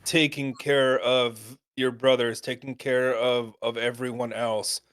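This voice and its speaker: A man's voice: mid-range voice, flat delivery, slow, fairly bright tone, dry recording, clean studio sound. A man co-hosting a podcast, speaking earnestly about faith and family in casual chat. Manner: earnest, preachy, talks about faith and wives. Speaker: podcast co-host.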